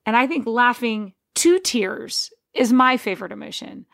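A woman's voice: fairly high pitch, lively intonation, moderate pace, creaky, a bit bright. A woman hosting a podcast, talking in a rambling, digressive casual monologue with frequent restarts. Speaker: podcast host.

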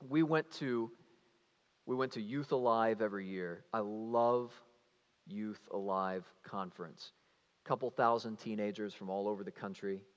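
A man, a youth pastor telling stories in a lively, animated sermon, swinging between playful and hushed. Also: lowish voice, lo-fi sound. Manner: animated storyteller, shouting and mimicking for comic effect. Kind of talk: storytelling sermon. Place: church hall. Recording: reverberant church hall.

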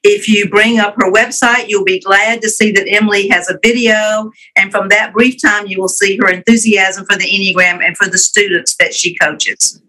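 A woman with a Southern US accent, co-hosting a podcast interview with friendly, unhurried introductions. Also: mid-range voice, fairly even intonation, bright, forceful tone, rough recording. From Alabama, USA. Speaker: podcast co-host.

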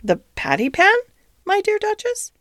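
A woman's voice: very high voice, huge pitch swings, unhurried, fairly bright tone, dry recording, clean studio sound, voice pushed up, exaggerated voice. A woman voicing a prim, proper female cat hostess in a storybook reading, precise and correct in her speech. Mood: polite.

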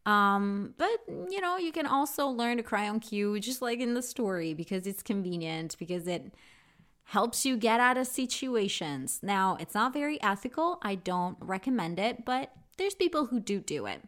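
A woman giving a casual English vocabulary lesson, chatty and candid, often pausing with "um". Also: mid-range voice, lively intonation, fairly bright tone. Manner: chatty, candid, with frequent ums. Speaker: English teacher.

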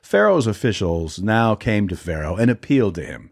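Brief: male podcast host, daily scripture reading, low voice, calm and steady. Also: moderate pace, few pauses. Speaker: Bible reader and podcast host.

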